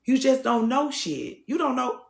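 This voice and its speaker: A woman's voice: high-pitched, very animated, a little slow, creaky, darkish tone, echoey room. A woman hosting a TikTok live, talking casually to her viewers in a blunt, preachy way and swearing freely.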